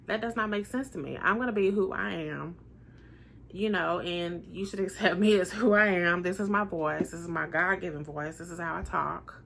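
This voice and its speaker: A woman in her forties with a naturally deep voice, talking casually to camera in an earnest, emphatic way and repeating her points for weight. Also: a little fast, creaky, a bit bright, slight background noise. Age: 40s. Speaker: vlogger sharing personal experiences.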